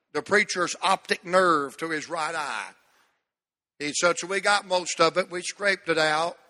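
A high-pitched man with a bright, ringing voice, preaching a sermon. He tells folksy stories and stretches out key words for emphasis. His voice carries a long reverb through a church hall. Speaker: pastor. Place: church sanctuary.

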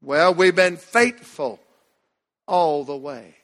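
A man's voice: on the high side, slow pace, long pauses, fairly bright tone. A man preaching a sermon as pastor, emphatic, stretching and dropping the ends of his phrases. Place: church sanctuary. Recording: long hall reverb.

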